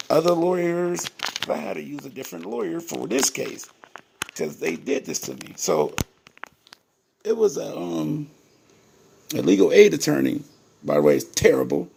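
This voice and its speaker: With a slightly dark tone, a man whose voice is high, husky, and gravelly recounts a personal story for his audience. He is emphatic and indignant, repeatedly addressing viewers and repeating words to drive his points home.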